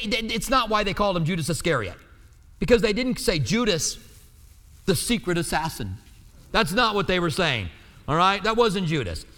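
A man with a notably high voice delivers a teaching sermon. He keeps it conversational and often checks in with the room. His words ring out with a long reverb in a church hall. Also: a bit bright. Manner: conversational, asks the listeners to check in. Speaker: preacher.

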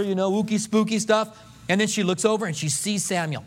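Male pastor, high-pitched, animated sermon storyteller with comic asides. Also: fast. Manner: animated storytelling, acting out scripture voices with humor.

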